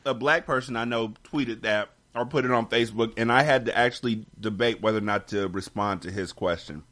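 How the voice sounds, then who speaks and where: A man's voice: on the low side, fairly quick, fairly bright tone. Blunt, joking man on a podcast. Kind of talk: casual chat.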